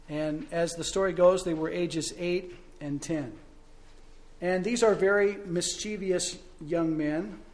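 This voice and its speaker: A male pastor preaching a sermon, telling stories and asking rhetorical questions, swinging between loud and soft. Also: a little high.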